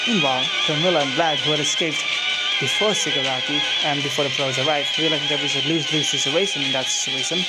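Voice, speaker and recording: Rambling fan-story narrator over music. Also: male voice, a little high, low-quality recording. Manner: loose, rambling, restarts and self-corrections. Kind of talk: casual read-aloud storytelling.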